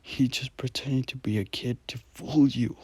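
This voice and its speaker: A man's voice: mid-range voice, fairly even intonation, normal speed, darkish tone, slightly rough, dry recording, natural voice. A man whispering the lines of a stern mother who scolds her son, in a whispered role-play. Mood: scolding whisper.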